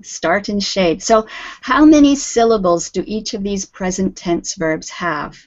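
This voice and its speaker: A woman's voice: medium pitch, unhurried. A woman teaching an online English group lesson, patient and encouraging, calling on students by name. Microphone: video call audio. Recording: dull lo-fi video call audio.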